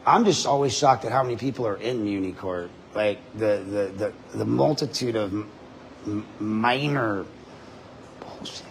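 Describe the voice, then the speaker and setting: A man's voice: fairly low pitch, moderate pace, a little hiss or hum, rough recording. A man talking casually into his body-worn camera inside a public building, laughing often and swearing freely. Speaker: independent journalist livestreaming.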